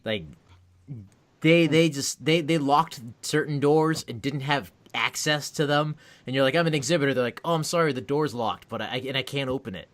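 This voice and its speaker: Male podcast co-host, casual and profane, animated storyteller. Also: medium pitch, normal speed. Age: adult with a daughter. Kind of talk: casual chat.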